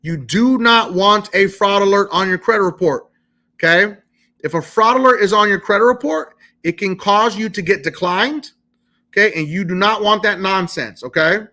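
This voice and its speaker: High, bright-voiced man coaching insistently. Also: normal speed. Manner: talks insistently, repeating "okay?" after nearly every point. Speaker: credit repair educator. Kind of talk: live-streamed how-to talk.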